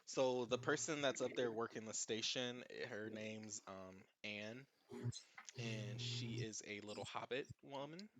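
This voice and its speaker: A man narrating a tabletop game as its game master. He talks in an easygoing, rambling way, filling pauses with ums. His voice sits at an ordinary middle pitch. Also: a little hiss or hum. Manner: relaxed, rambling with fillers.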